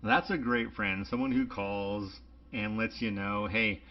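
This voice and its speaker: A man in his forties co-hosting a casual podcast, telling a story with lively acted-out dialogue. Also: fairly low pitch, measured pace. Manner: animated storyteller, acts out dialogue. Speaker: podcast co-host. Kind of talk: casual chat. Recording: dull lo-fi podcast audio.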